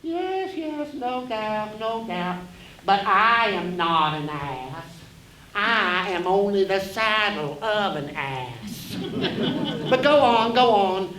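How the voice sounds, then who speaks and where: A man's voice: high-pitched, big pitch swings, takes it slowly, sharp tone, full character voice. A man playing a sneering impish conscience. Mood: taunting. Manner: sneering, taunting, gleeful. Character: mocking impish male conscience, a dwarf-sized spirit. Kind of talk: one-man stage play. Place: theater stage before an audience. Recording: roomy hall, distant mic, faint hiss.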